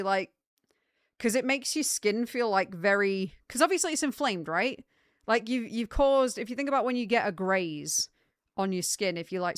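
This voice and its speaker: A young woman talks to her stream in a loose, rambling way, with plenty of fillers and restarts. Her voice is smooth and clear, and the sound is close and dry with no room echo. She sits in the middle of the usual pitch range for women. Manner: chatty, rambling storytelling with many fillers. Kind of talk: casual chat with live chat.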